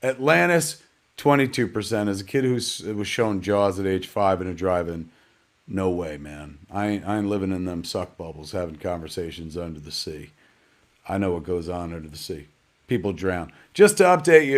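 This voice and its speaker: A man's voice: sits low, animated, moderate pace. A man hosting a live online premiere in a casual, rambling, self-deprecating way, full of slang and calling the audience kids and man. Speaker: red carpet host.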